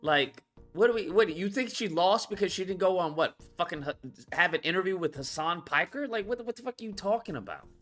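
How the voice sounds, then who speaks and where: Profane, animated man ranting on stream. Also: sits high, brisk, hardly any pauses, faint music behind. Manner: profane, blunt, exasperated ranting. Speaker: host of a call-in commentary stream. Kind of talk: casual political commentary.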